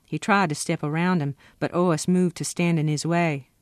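A woman author reading from her own novel in a steady, expressive first-person narration. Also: low-pitched, moderate pace, no echo, studio quality.

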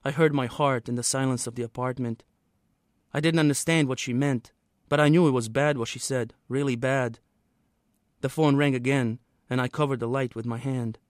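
Man, author reading his novel, measured pace, everyday pitch, dry close sound. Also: steady tone, no room sound.

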